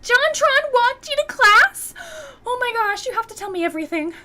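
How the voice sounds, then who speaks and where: A woman's voice: sits high, very animated, a little hiss or hum, voice pushed up. Woman doing a squealing fangirl schoolgirl. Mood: excited. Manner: squealing, rapid-fire questions. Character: excitable gossipy schoolgirl fangirl. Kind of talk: visual novel reading.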